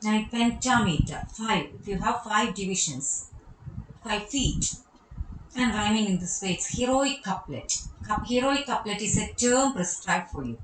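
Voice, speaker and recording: A woman's voice: medium pitch, animated, measured pace, roomy sound, slight background noise, poor audio. A woman with a Malayali accent teaching a poetry lesson, explaining step by step and repeating key terms. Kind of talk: recorded online lecture on poetry.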